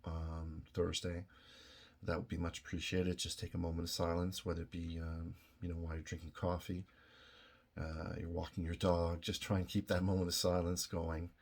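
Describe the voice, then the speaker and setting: A middle-aged man from Canada speaks to his viewers in a low, deep voice. He talks slowly and earnestly, full of pauses, fillers and restarts, and he sounds moved. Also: completely flat delivery. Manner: halting, many fillers and restarts, emotional. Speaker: video host. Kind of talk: casual direct-to-camera talk.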